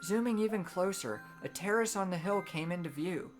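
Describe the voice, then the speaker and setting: A woman with a lowish voice reads a storybook aloud, gentle and measured, as if at bedtime. Soft game music hums faintly behind her. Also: animated. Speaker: streamer.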